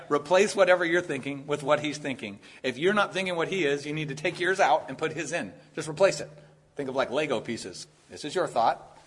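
A man preaching a sermon in an earnest, conversational way, with quick asides to the listeners. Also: medium pitch, a bit bright, husky. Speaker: pastor.

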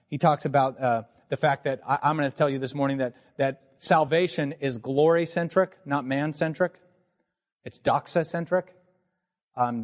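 Guy preaching in church, kinda high voice for a man, earnest, keeps asking the room questions. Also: darkish tone. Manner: earnest teaching tone, rhetorical questions. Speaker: pastor. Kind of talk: sermon. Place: church sanctuary.

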